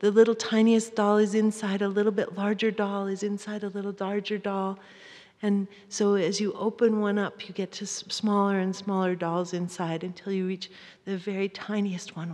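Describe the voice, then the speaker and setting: A woman giving a live talk to an audience, gentle and often dropping to a soft near-whisper. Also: medium pitch, flat delivery, moderate pace. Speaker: workshop speaker. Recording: hall reverb.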